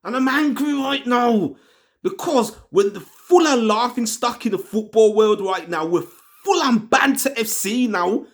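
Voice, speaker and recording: A man's voice: high-pitched, animated, measured pace. A man hosting a fan channel, ranting in a swearing, slangy, exasperated way about his team. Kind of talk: angry football fan rant.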